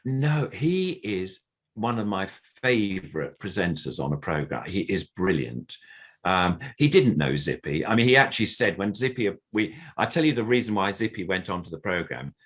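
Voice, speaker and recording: Older man, very low voice, rambling anecdote, lots of ums, puppeteer guest. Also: big pitch swings, normal speed, fairly bright tone, breathy edge. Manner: rambling storyteller with many fillers, acting out quotes. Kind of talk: casual anecdote.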